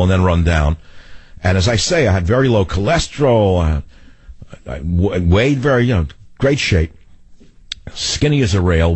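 An older male radio talk host with a husky, lowish voice, recorded close and dry in a studio. He rambles through personal stories, restarting sentences and jumping between asides. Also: no room sound. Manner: rambling, animated storytelling with restarts. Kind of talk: radio talk show monologue. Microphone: studio microphone.

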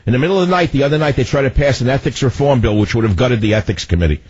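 Husky older man ranting on radio. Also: mid-range voice, rapid-fire, dry recording. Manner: loud commanding voice, ranting. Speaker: talk radio host. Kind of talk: political talk radio monologue. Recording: dull lo-fi radio broadcast.

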